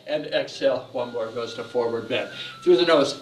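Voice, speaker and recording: A man's voice: medium pitch, normal speed, distant mic. A male fitness instructor guiding a class through tapping, stretching and laughter exercises, with upbeat, coaxing cues and chanted laughs. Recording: echoey room, voice off-mic, faint music.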